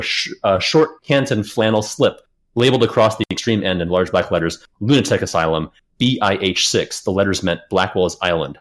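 A man hosting a casual podcast, retelling a story, reading passages aloud and swearing casually. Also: lowish voice. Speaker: podcast host.

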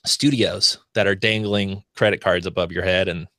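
Bright-voiced American podcast host. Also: male voice, deep voice, fairly even intonation, moderate pace, dry recording, clean studio sound. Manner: rambling, frequent restarts and fillers. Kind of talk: casual podcast chat.

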